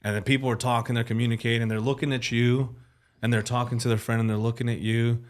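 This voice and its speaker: Chatty podcast host man, mid pitch. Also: flat delivery, quick pace. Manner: loose conversational storytelling, heavy use of "like". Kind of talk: casual interview chat.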